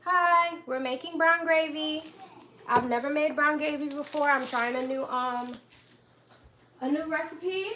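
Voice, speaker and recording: A young woman with a slightly high voice hosts a relaxed cooking live stream from her home kitchen. She chats to viewers by name and laughs easily between steps. Dishes and pans clatter clearly behind her. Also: poor audio. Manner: chatty, greets viewers by name, laughs often. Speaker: livestream host cooking dinner. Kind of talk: casual live-stream chat while cooking. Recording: kitchen clatter and household noise in background.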